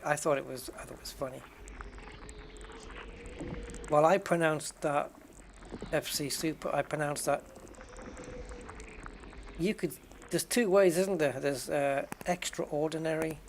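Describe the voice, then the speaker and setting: Chatty British man, fairly high voice. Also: normal speed, vocal fry, long pauses, a little hiss or hum. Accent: British English. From United Kingdom. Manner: rambling, chatty, self-correcting. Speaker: game streamer answering chat. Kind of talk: casual chat while gaming.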